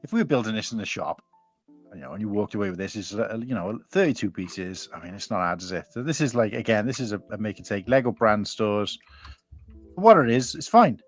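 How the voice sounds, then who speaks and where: A man hosting a casual online chat about toy sets, chatty and animated, laughing often. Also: lowish voice, fairly quick, faint music behind. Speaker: podcast host.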